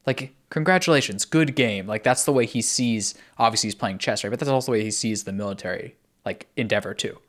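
Brief: lowish-voiced man, animated casual podcast chat. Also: fast, few pauses. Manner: animated, filler-heavy.

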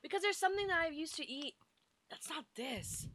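Bright young woman, rambling and sweary. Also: high voice, expressive, fairly quick, no echo. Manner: rambling, sweary, hesitant fillers. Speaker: food taster. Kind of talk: casual snack taste-test chat.

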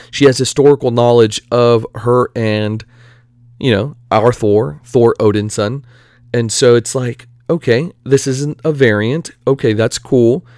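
Excitable rambling man, dry close sound. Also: medium pitch, no room sound. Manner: rambling, excitable, full of asides and fillers. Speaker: movie news commentator. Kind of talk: casual vlog commentary.

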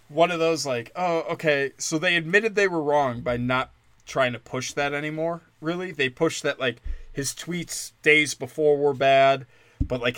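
A man's voice: medium pitch, fairly bright tone, no echo. Guy ranting and swearing a lot, rambly, says like constantly, dry close sound. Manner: heated, profane, rambling with many "like" fillers. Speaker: commentator. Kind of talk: profane political rant.

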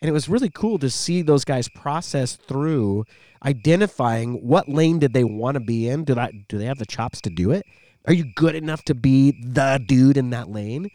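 This middle-aged man talks with a swooping, lively pitch, an animated storyteller with the ease of a former radio voice guy. His voice sits close and dry on the podcast mic, with no room sound around it. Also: normal speed, no room sound. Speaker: podcast co-host. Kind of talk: casual podcast chat.

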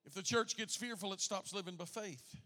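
A male pastor preaching a sermon, leading the congregation in call-and-response and building to shouted declarations. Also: high voice, brisk.

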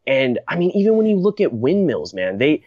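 A man's voice: on the high side, sing-song, a little fast, a little mellow, husky, no room sound. A young man hosting a casual podcast chat, rambling and blunt, laughing often and restarting his sentences. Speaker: podcast host. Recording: dry, dull lo-fi recording.

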